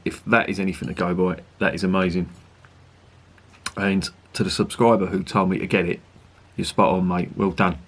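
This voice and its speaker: A man's voice: low-pitched, breathy edge. A man reviewing a beer to camera, chatty and enthusiastic, swearing casually.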